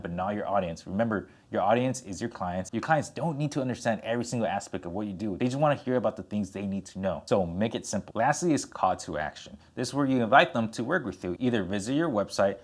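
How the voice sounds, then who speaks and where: Energetic man coaching on camera. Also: on the low side. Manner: energetic, gestures with hands while talking; animated, plays with his tone for emphasis. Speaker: content coach. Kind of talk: direct-to-camera tutorial.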